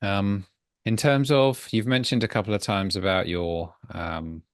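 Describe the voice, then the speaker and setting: Podcast host guy, really deep voice, polite, kinda hesitant, dry close sound. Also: steady tone, unhurried, no room sound. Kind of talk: interview questions.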